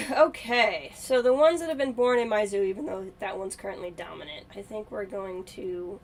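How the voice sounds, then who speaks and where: A woman's voice: medium pitch, moderate pace. A woman streamer chatting casually and thinking aloud as she plays a game on a live stream.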